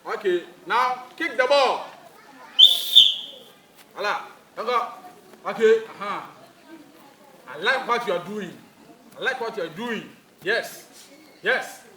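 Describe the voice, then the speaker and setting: A man's voice: sits high, pushed and bright. A man with a Ghanaian accent playing a football coach in a comedy skit, giving bossy orders and mixing Twi with English. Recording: echoey, far from the mic, faint noise.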